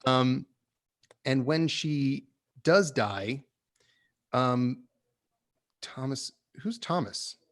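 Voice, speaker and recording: Animated man critiquing a script. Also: medium pitch, extremely slow, pauses often. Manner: animated, opinionated, laughs often. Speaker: podcast host reviewing a screenplay. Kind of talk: casual critique chat.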